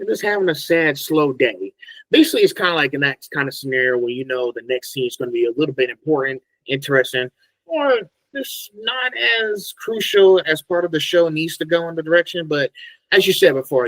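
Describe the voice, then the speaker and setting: Male host, mid pitch, dry sound, halting and ummy when reading out questions. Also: a bit bright, no echo, low-quality recording. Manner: halting, reads out questions slowly with ums. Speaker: podcast host. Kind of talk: casual interview questions.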